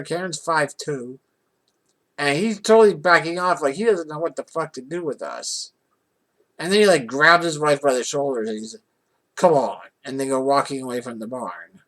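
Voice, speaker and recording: A vlogger telling a personal story in a casual, rambling way, with restarts and rising indignation. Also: mid-range voice. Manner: rambling and animated, with many restarts.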